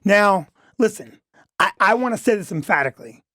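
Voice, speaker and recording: A man's voice: high voice, expressive, normal speed, pushed and bright, no echo, clean studio sound. A middle-aged man, a comedy club owner, talking as a guest on a radio show and defending himself emphatically, often saying "listen" and "okay". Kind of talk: talk radio interview.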